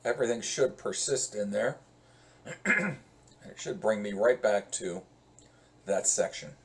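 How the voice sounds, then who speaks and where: A male professor speaks in a lowish voice with lively intonation as he explains code in a screen-recorded lesson. He is slow and conversational, thinking aloud throughout.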